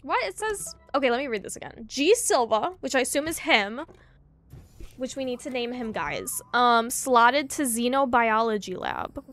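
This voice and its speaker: A young woman streaming a co-op game, chatting casually in a bubbly, giggly, excitable way. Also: fairly high pitch, moderate pace. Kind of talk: casual let's play chat.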